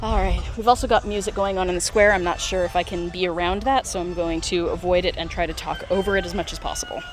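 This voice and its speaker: Talking fast over faint background music, a streamer from the US plays a mobile game live while walking through the city with a phone. The mid-range voice is chatty and casual, full of fillers and frequent giggles.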